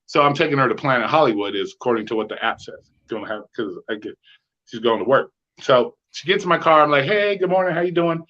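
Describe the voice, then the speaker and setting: A man co-hosting a podcast, telling rideshare stories in a profane, animated way and acting out the dialogue. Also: medium pitch, fast talker. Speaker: podcast co-host, rideshare driver. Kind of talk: casual chat, storytelling. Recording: slightly dull lo-fi sound.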